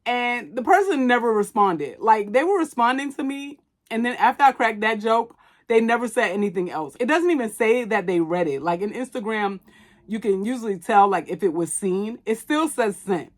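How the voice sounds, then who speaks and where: A woman hosting a podcast reviews a movie in an animated voice on the high side, at a moderate pace. Her commentary is chatty, blunt and profane, packed with "like" fillers.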